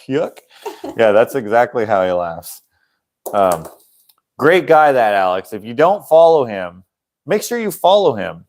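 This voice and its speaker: A man's voice: on the low side, a little mellow. A young man hosting a casual livestream, rambling and chuckling as he acts out the people in his stories. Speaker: channel host.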